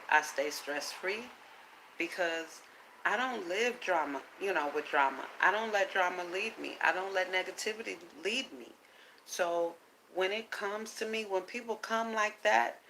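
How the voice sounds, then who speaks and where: A woman talks straight to her viewers in an unscripted vlog, bright and forceful in tone. She is blunt and swears freely, yet keeps a calm, lecturing cadence full of rhetorical questions. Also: mid-range voice, slight background noise, rough recording. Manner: blunt, profane and emphatic; calm, preachy self-talk with rhetorical questions. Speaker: vlogger. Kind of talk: casual unscripted monologue.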